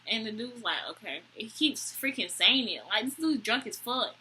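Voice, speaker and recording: A young woman, telling a story to camera in an animated, exasperated way. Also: moderate pace, slightly rough, low-quality recording. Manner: animated, exasperated, quotes people with high voices. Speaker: vlogger. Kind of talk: storytime vlog, casual chat to camera.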